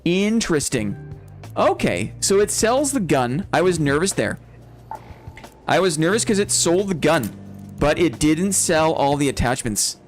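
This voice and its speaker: A man's voice: a little high, very animated, unhurried, soft background music. A young man chatting casually and rambling to his viewers while he plays a game. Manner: chatty, rambling, addresses chat as brother. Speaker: streamer. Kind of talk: casual gameplay chat to viewers.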